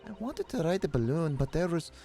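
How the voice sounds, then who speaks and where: A man's voice: fairly high pitch, sing-song, a little fast, mellow, soft background music, voice pushed up. A man voicing a fussy upper-class lady, haughty and whiny.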